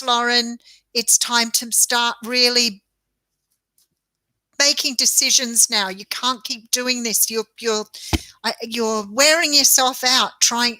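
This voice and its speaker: A woman's voice: fairly high pitch, sharp tone, no echo. An Australian woman, a tarot reader, giving chatty and reassuring readings on a live stream with frequent laughter.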